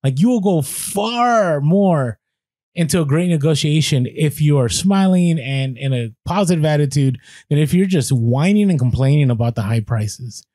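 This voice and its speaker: A man co-hosting a podcast, telling an animated story with quoted voices and many restarts. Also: on the high side, normal speed, no echo. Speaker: podcast co-host.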